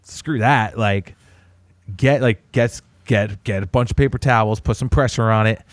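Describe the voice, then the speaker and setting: A man in his thirties, co-hosting a podcast, telling a family story in a casual, animated way. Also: moderate pace, dry recording. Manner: animated storyteller, puts on high voices when quoting a child. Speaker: podcast co-host.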